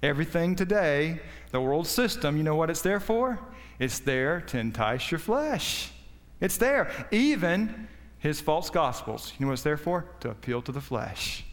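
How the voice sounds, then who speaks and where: A man's voice: lively intonation, a little slow. Impassioned preacher man in a reverberant hall. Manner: impassioned, rising and falling in pitch and volume. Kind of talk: sermon.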